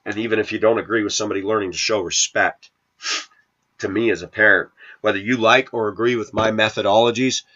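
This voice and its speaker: A man's voice: fairly low pitch, pushed and bright. A middle-aged man with the sniffles, scolding and preaching to his channel's viewers in a combative rant. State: sniffly with a cold. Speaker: video channel host. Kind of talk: ranting to camera. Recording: dull lo-fi sound.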